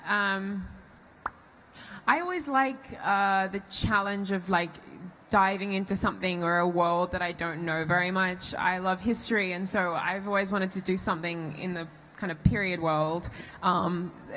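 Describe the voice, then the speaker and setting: A woman's voice: fairly low pitch, slight background noise, low-quality recording. Chatty Australian woman answering questions. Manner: warm, chatty, many fillers. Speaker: actress on a convention panel. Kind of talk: casual panel Q&A. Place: convention hall on stage.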